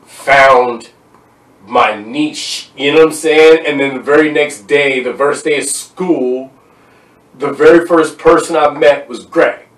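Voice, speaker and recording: A young man hosting a podcast, chatting casually and telling animated stories, acting out voices as he goes. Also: on the high side, slow pace. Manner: animated storyteller, acts out voices and laughs. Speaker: podcast host. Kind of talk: casual chat. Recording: echoey room, mic at a distance.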